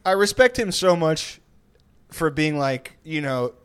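A man chatting casually on a comedy podcast, telling a rambling story with laughs and quick put-on voices. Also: a little high, animated, clean tone.

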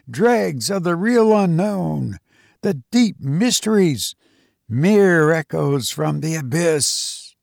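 A scornful, raving ageless sorcerer, read by a man, slow and gravelly in his grand declarations. He speaks with contempt and a faint rasp, in a dry close storybook voice. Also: sits high, no room sound, full character voice. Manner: grandiose, ranting. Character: ancient raving male sorcerer, arrogant and scornful.

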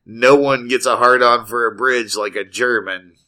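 A man with a bright, forward voice chats loosely on a podcast. He rambles, jokes and restarts his sentences as he spins a long story. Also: mid-range voice, steady tone, moderate pace. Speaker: podcast co-host. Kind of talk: casual comedic chat.

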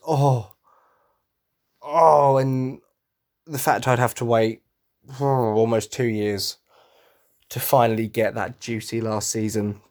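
Excitable man gushing as a fan. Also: medium pitch. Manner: excitable, acts out quotes and hums music. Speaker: podcast host. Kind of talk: casual fan monologue.

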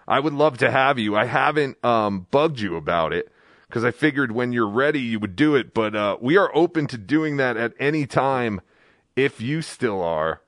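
A man's voice: medium pitch, fairly bright tone, dry recording, studio quality. A man hosting a casual live stream, joking with co-hosts and reading out viewer donations. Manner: jokey, reads out viewer donations. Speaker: host.

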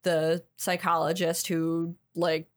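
Female podcast co-host, lower-pitched, relaxed and chatty. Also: takes it slowly. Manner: chatty, enthusiastic, casual swearing. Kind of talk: casual chat.

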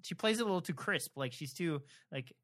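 A man co-hosting a podcast, talking casually and haltingly with many fillers and restarts. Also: on the high side, animated, a bit bright. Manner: rambling, hesitant, lots of fillers and restarts. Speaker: podcast co-host. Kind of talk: casual chat about a TV adaptation.

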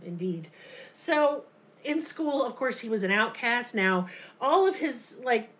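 A woman narrates a true crime case in casual podcast chat. Her delivery is animated and sarcastic, full of mocking asides. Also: on the high side, a little slow. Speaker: podcast co-host telling a true crime story.

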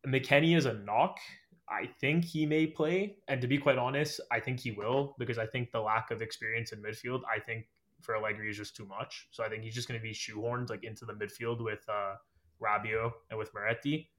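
A man talking loosely on a podcast, working through his opinions with plenty of ums, likes and "I think"s. His voice sits at an ordinary middle pitch. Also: steady tone, fairly quick, a bit bright. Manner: hedging, many fillers and "I think". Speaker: podcast guest, fan. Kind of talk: casual chat.

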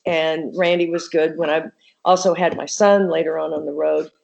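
A woman's voice: low-pitched, steady tone, moderate pace, creaky, darkish tone, slight background noise. An older woman, an interview guest, telling rambling, affectionate stories in a casual way. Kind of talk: casual reminiscing. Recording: dull lo-fi recording.

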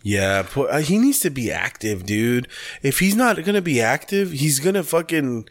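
Dude on a podcast, cussing, laughing a lot, average pitch. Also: male voice, very animated, normal speed. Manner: swears a lot, laughs often. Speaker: podcast co-host. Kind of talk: casual chat.

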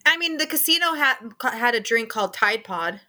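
Bright, playful female podcast guest. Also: a little high, animated. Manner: giggly, playful, quick to chime in. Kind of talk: casual storytelling interview.

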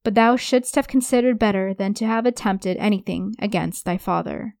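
A woman reading the lines of a gentle, forgiving elderly father in old-fashioned speech. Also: medium pitch, moderate pace, vocal fry, no echo, studio quality, lightly acted.

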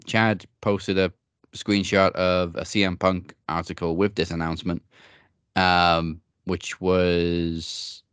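A man's voice: low voice, a bit bright, clean tone, no echo. A man co-hosting a wrestling podcast in casual chat, laid-back and joking. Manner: laid-back, joking, with frequent fillers and laughs. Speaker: podcast co-host.

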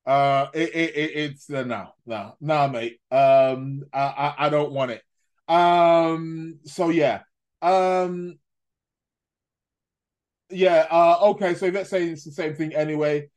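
A man's voice: on the high side, steady tone, slow pace, darkish tone. A man hosting a casual live stream, rambling, stammering through restarts and chuckling at his own remarks. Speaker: astrology live-stream host.

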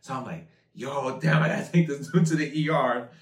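A man as a podcast guest, telling stories in a laid-back, drawn-out casual way. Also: mid-range voice. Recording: echoey room, mic far off.

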